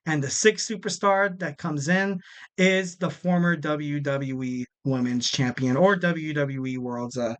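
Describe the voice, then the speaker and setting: A man's voice: high voice, fairly bright tone, smooth. A man in his twenties hosting a wrestling podcast in a casual, rambling way, often repeating phrases for emphasis. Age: 20s.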